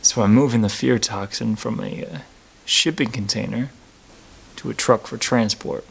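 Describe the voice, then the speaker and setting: A man playing a struggling working-class henchman and father, talking in halting, stammering bursts in a mock documentary interview. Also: mid-range voice, vocal fry, natural voice. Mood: shaken. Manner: halting, stammering, full of restarts.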